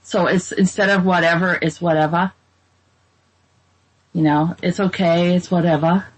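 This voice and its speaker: A woman's voice: on the low side, fairly even intonation, normal speed, poor audio. A woman from the Boston area hosting a casual chat, with a light Boston trace in an American accent; giggly and self-deprecating. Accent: General American with a trace of Boston. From Boston area, USA. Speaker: host.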